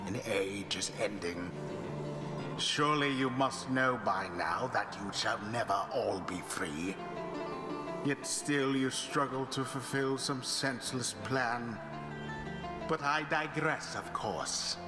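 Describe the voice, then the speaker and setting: Brooding older game figure read by a man, slow and grave, reverb-heavy, loud music behind. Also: mid-range voice, expressive. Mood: ominous.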